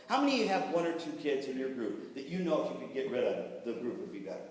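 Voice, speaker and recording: A man giving a lively workshop talk to music teachers, telling jokes and doing quick voices for the people in his stories. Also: mid-range voice. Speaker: workshop presenter on band administration. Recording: echoey hall, voice from far off.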